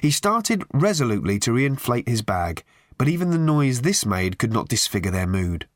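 A male narrator reading a novel aloud with wry, expressive phrasing. His pitch moves a lot, and the recording is close and dry with no room sound. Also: moderate pace, dry recording. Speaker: audiobook narrator. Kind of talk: scripted narration.

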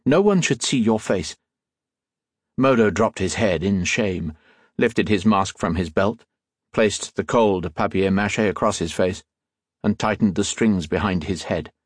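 A man reading a novel aloud as an audiobook narrator, with expressive storytelling. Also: sits low, measured pace, dry recording, clean studio sound. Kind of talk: scripted narration.

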